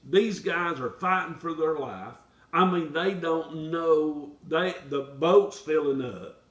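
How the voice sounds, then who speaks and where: A man is preaching a folksy sermon, and his voice sits a bit higher than most men's. He builds to impassioned appeals. He is heard from a distance in a roomy, echoing space. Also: takes it slowly, fairly bright tone. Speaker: pastor. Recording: echoey room, from far off.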